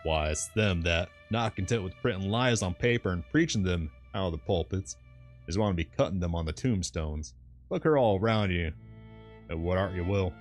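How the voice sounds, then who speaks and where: Reading a storybook over faint background music, a man voices a talkative old sailor who grumbles scornfully in thick country dialect. The character sits higher than the reader's own deep voice yet keeps its weight, delivered expressively at a moderate pace.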